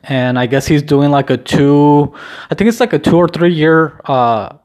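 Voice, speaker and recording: A young adult man talking in a casual rambling vlog, halting and restarting often with many ums, swearing casually in a subdued, self-deprecating way. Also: a little high, darkish tone. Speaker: vlogger.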